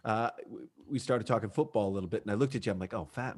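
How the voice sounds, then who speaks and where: Male host, lowish pitch, energetic joker, casual chat. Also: rapid-fire, husky. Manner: joking, energetic, loose with filler words. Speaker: podcast host.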